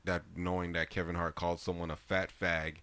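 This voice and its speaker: A man in his twenties, co-hosting a podcast in casual chat, loud and laughing as he tells stories. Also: deep voice, a little fast, clear, resonant tone. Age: 20s. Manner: loud, laughing, animated storytelling. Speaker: podcast co-host.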